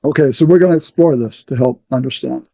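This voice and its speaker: A man leading a scripture study, explaining verses deliberately and checking in with "okay" often. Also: mid-range voice, no echo. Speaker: Bible study leader. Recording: muffled, dry sound.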